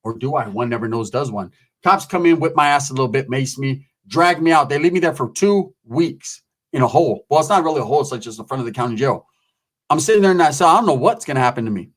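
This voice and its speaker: A man telling a story in casual, animated, slang-heavy talk, acting out the quotes and swearing often. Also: medium pitch, fast talker.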